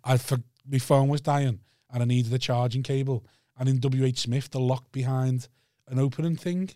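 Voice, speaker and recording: A man chatting on a podcast, telling animated stories, laughing often and acting out the people in them. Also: medium pitch, normal speed, no echo, studio quality. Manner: animated storyteller who laughs often and acts out the voices of people in his stories. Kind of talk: casual chat.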